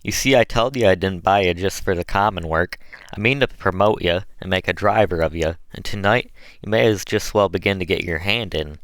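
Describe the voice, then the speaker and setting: A man's voice: deep voice, fairly quick, fairly bright tone, dry recording. A man voicing a cruel, domineering plantation master who barks harsh commands. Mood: brutal.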